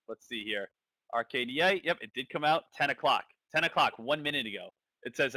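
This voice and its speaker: A man's voice: mid-range voice, pushed and bright, no echo. A man giving casual live commentary on a stock trading stream, thinking aloud and repeating phrases.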